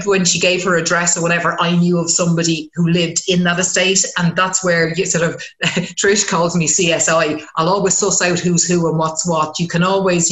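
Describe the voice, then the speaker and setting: A woman's voice: lowish voice, reverberant. A woman, a community counsellor talking frankly in casual chat and swearing when she gets worked up. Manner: frank and animated, swears freely.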